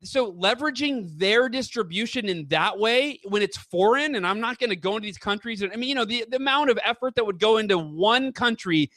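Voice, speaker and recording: High bright-voiced enthusiastic man. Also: animated, brisk, few pauses, no room sound. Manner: enthusiastic, rambling storyteller. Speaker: author and guest. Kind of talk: casual interview chat.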